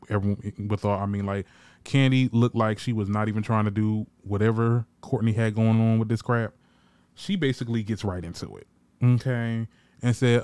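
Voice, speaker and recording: A man's voice: fairly low pitch, clear, resonant tone, no room sound. A man recapping a reality TV episode in casual commentary, sassy and blunt, swearing freely and acting out what the cast said. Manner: animated, acts out quoted lines. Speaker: reality TV reviewer.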